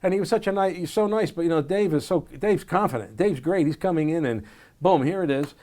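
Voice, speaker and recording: In a slightly high voice and a brisk pace, this man recounts stories for an oral history interview. A jazz saxophonist and teacher, he brings scenes to life by acting them out and scatting tunes.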